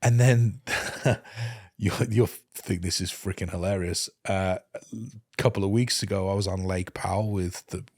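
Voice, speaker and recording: A man, a podcast host telling a personal story in casual chat, animated and acting out what people said. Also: low-pitched, measured pace, dry recording, clean studio sound. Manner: animated, acts out quoted speech.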